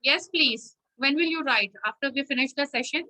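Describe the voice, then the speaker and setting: A woman's voice: sits high, moderate pace, sharp tone, poor audio. A woman teacher leading an online class, firm and instructive, often checking with "okay?", heard over a video call.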